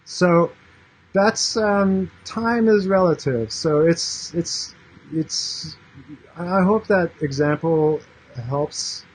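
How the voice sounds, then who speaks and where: A man's voice: mid-range voice, darkish tone, breathy edge, poor audio. A man in his thirties, a yoga and meditation teacher, talking casually and earnestly to camera, rambling with many fillers and restarts.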